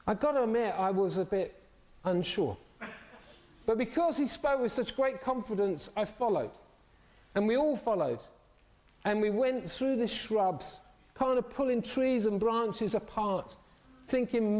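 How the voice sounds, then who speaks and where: A man's voice: sits high, lively intonation, a little slow, darkish tone. A middle-aged man preaching a sermon, telling stories animatedly and acting out the voices of the people in them.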